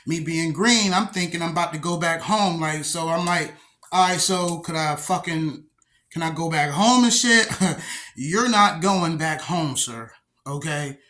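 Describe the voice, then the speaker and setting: A young man casually telling a story from his own life, profane and streetwise, acting out the dialogue as he goes. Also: a little high. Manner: profane, streetwise, animated retelling with acted-out dialogue.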